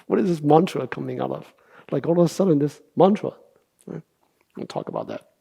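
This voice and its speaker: With a somewhat high, creaky voice that swings widely in pitch, this middle-aged meditation teacher delivers a Buddhist dharma talk. The tone is warm but slightly rough, and he explains unhurriedly, using rhetorical questions and a habitual "right?".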